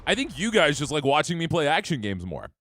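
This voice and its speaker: A man's voice: fairly high pitch, wildly swooping pitch, fairly quick, fairly bright tone, a little hiss or hum. A young man streaming a game live, chatting upbeat and casually with his viewers while he plays. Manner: upbeat, chatty, talks to chat. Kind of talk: live gameplay commentary.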